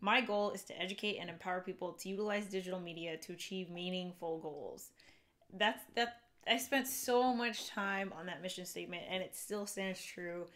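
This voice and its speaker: A woman's voice: lowish voice, moderate pace, fairly bright tone. A young woman hosting a live stream, talking casually and rambling with fillers and restarts. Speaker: vlogger and live-stream host.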